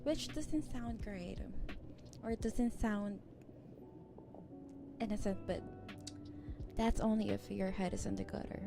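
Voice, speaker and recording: A woman streamer talking softly with her viewers in a giggly ASMR chat. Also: medium pitch, slow, pauses often. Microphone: close ASMR microphone. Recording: clear background music underneath. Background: background music.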